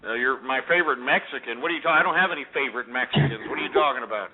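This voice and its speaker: A man's voice: mid-range voice, very fast. A man hosting a call-in radio talk show, ranting and insulting his callers with lots of uh's. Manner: ranting and insulting callers, many filler sounds. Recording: tinny phone-like audio.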